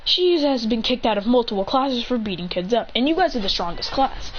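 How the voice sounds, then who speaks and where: A woman's voice: a little high, lively intonation, brisk, lightly acted. A woman voicing a teacher who makes plain class announcements, on a dull, hissy lo-fi recording. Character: matter-of-fact schoolteacher.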